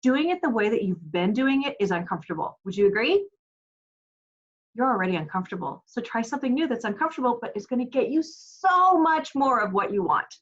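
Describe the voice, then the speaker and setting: A woman's voice: fairly high pitch, dull audio. A woman in her forties giving parenting advice as a coach, earnest and encouraging, often asking rhetorical questions. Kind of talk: direct-to-camera parenting advice.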